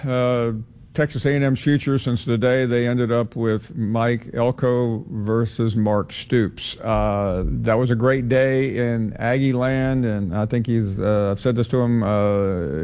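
Measured male sports radio host. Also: mid-range voice, steady tone, darkish tone. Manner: measured, hedging, many "uh"s.

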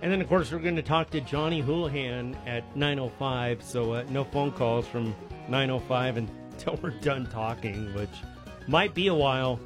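A man's voice: mid-range voice, moderate pace. Guy hosting a local radio swap show, rambles and cracks jokes, bit of music in the back. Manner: joking, chuckling, rambling. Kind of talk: casual local radio chat.

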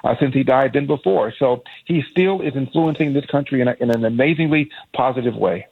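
A man calling in as a guest on a talk radio show, telling stories in a measured, admiring way. He speaks quickly with a slightly husky voice, and the sound is thin and tinny like a phone line. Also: mid-range voice. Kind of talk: phone interview.

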